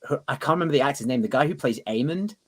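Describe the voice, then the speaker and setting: A man co-hosting a casual podcast debate, talking excitedly in quick bursts with restarts, swearing and acting out scenes he quotes. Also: medium pitch. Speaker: podcast co-host.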